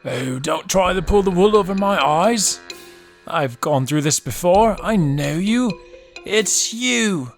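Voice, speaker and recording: A man's voice: high voice, expressive, slow pace, faint music behind, pitched above the performer's own voice, exaggerated voice. A man voicing a male police officer who confidently accuses a suspect in a kids' podcast skit. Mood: accusing.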